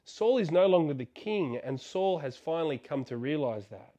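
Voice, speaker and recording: A man preaching, retelling a Bible story in an animated way and asking rhetorical questions. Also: a little high, moderate pace.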